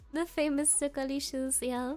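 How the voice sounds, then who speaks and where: A woman streamer chatting casually and reading chat aloud, giggling often. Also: sits high.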